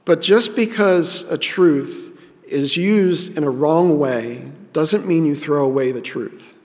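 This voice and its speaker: A man's voice: fairly high pitch, long reverb tail. A man preaching a sermon in an earnest, repeating way, often restarting his sentences. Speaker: pastor.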